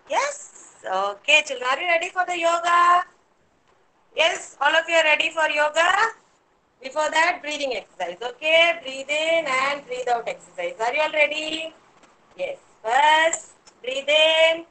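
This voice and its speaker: Slow, bright-voiced Indian kindergarten teacher. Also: female voice, high voice, rough recording. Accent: Indian English. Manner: slow, clear, encouraging instructions to small children. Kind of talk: online class instruction.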